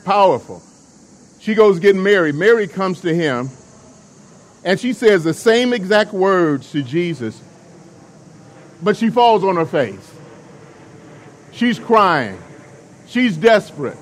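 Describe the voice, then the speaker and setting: Emphatic preacher with a high-ish voice. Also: male voice, big pitch swings, slow pace, pauses often. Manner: emphatic, with call-and-response to the congregation. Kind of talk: sermon.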